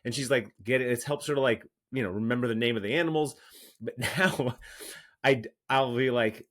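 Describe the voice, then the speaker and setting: A man in his thirties co-hosting a casual podcast, telling animated stories about his young daughter and laughing easily. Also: mid-range voice, a little fast. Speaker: podcast co-host. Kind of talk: casual chat.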